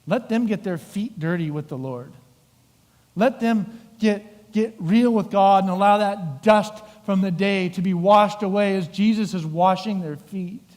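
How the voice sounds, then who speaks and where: A man's voice: sits high, a little slow. A middle-aged man preaching a sermon as pastor, telling the story vividly and acting out voices. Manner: animated storytelling with acted-out voices. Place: church sanctuary. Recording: long hall reverb.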